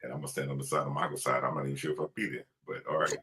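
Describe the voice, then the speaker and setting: A man's voice: very deep voice, level tone, rapid-fire, bright, forceful tone. A man co-hosting a podcast in casual chat, making laid-back, dry asides.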